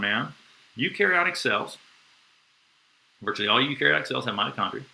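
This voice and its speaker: A man teaching biology on a live stream, excitable and slangy, with playful sound effects. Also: mid-range voice, brisk, vocal fry, rough recording. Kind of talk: enthusiastic live-streamed lecture.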